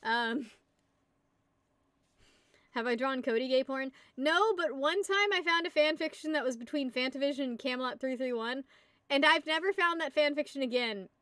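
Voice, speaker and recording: High-voiced giggly young woman streamer. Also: no echo, clean studio sound. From United States. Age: young adult. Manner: giggly, rambling, reads and answers chat. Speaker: livestreamer. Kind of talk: casual live-stream chat.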